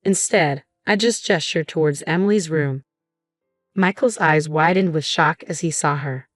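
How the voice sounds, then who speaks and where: A woman reading a first-person story as scripted narration, in an even, steady way. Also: low voice, unhurried, dry recording, studio quality, faint music behind.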